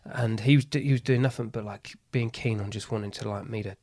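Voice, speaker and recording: A man telling casual anecdotes as a podcast guest, lively and swearing freely with frequent laughs. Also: fairly low pitch, fast. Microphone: podcast studio mic.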